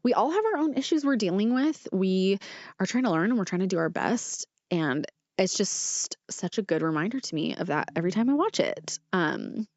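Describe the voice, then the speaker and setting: A woman's voice: medium pitch, animated, normal speed, darkish tone, dry recording, muffled recording. Rambling young woman podcast host. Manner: rambling and earnest, many fillers and self-corrections. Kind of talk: casual podcast monologue.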